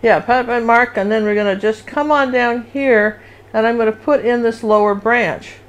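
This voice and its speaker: A woman's voice: a little high, moderate pace, muffled recording. Chatty woman teaching a live painting class. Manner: chatty, rambling, sings little "do do" rhythms while drawing. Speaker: painting instructor and show host. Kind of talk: live painting lesson with casual chat.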